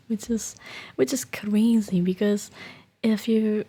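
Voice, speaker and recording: Soft-spoken whispering woman streamer. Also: mid-range voice, steady tone, measured pace, breathy edge. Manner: whispery, hesitant, many restarts. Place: bedroom at home. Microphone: desktop streaming microphone.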